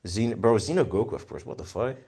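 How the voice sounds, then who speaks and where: A man's voice: lowish voice, expressive, a little fast, creaky, warm tone, slightly rough. A young man with a Greek accent chatting casually on a live stream, reading viewer comments and thinking aloud in a laid-back, slangy way. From Greece.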